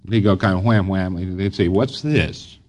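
A man's voice: deep voice, little pitch movement, darkish tone. Rambling man giving an informal lecture. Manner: rambling, folksy, with frequent pauses and fillers. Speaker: lecturer to trainees.

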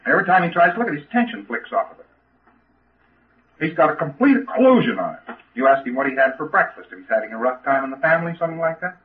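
A man's voice: a little high, expressive, quick pace. A man giving an informal lecture to trainees in a folksy, emphatic way, often restarting his sentences. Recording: tinny lo-fi old tape.

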